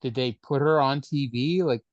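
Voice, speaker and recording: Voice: mid-range voice, moderate pace, no room sound, dull audio. A podcast co-host in casual chat, speaking dryly and hesitantly with many fillers. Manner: dry, hesitant, lots of fillers.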